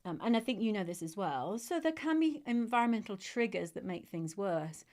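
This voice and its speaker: A woman's voice: mid-range voice, lively intonation, moderate pace, a little mellow. Emotional, encouraging woman hosting live. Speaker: dog trainer and podcast host. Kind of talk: live-stream chat.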